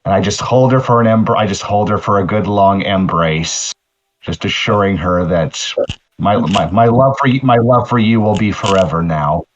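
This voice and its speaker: A man speaking earnestly and haltingly in character as a player in a tabletop role-play game, often restarting his sentences. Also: on the low side, dull audio.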